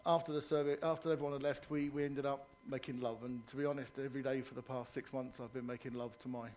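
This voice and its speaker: A man's voice: medium pitch, flat delivery, fast, lo-fi sound, a little hiss or hum. A man performing stand-up comedy in a ship's theatre, telling jokes, doing characters' voices and joking with the audience.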